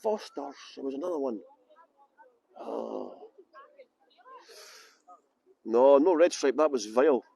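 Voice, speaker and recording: A man's voice: mid-range voice, wildly swooping pitch, slow, creaky, pauses often, dark tone, breathy edge, no room sound. A middle-aged tour guide chatting casually on a livestream outdoors in a busy city, joking and rambling as he greets viewers by name into a handheld phone.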